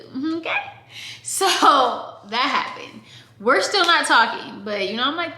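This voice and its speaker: A young woman from Oregon chats through a storytime, talking straight to her viewers with lively, animated energy. Her voice sits a little high and sounds bright and sharp. The room around her rings with echo. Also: measured pace. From Oregon, USA. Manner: chatty, animated, addresses viewers directly. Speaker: vlogger. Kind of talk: casual storytime. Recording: echoey room.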